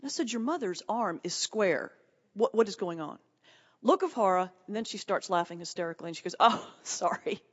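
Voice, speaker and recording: A woman's voice: medium pitch, animated, brisk. Woman pastor doing stand-up in a hall. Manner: folksy Southern humor, punchy delivery with laughs. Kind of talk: stand-up comedy set. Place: large hall before a live audience. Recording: distant echoey hall, muffled.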